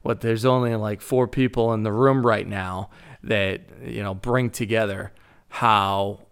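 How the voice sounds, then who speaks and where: A man's voice: on the low side, steady tone, measured pace, clear, resonant tone. A man with a Boston accent, co-hosting a podcast and sharing casually in a recovery-meeting style, rambling with many fillers and restarts. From Boston, Massachusetts. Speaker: podcast co-host.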